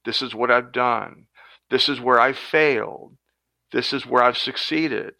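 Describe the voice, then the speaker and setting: Man doing shy young woman student, earnest, gravelly edge, bright tone, dry sound. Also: medium pitch, measured pace, dry recording. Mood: resigned. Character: shy young female student, resigned to average grades.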